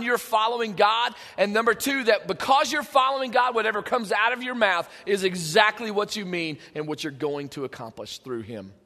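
A man preaching a sermon in a conversational, animated way, with joking asides to his congregation. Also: high-pitched, in a large hall. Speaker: pastor. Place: church sanctuary.

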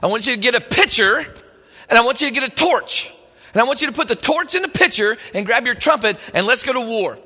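A man voicing a bold male army commander who rallies his troops with brisk orders. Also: extremely high pitch, lively intonation, pushed and bright, full character voice. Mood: rousing. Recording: long hall reverb.

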